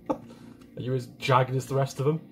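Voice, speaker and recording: A man's voice: mid-range voice, steady tone, normal speed, faint music behind. A man giving gameplay commentary who swears constantly, laughs a lot and mocks what he sees. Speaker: gaming video host.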